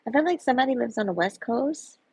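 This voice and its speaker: A woman's voice: on the high side, expressive, fast, a little mellow, slightly rough, no room sound, low-quality recording. A woman chatting on a live stream in a playful, sing-song way, full of giggles and repeated catchphrases. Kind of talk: casual live stream chat.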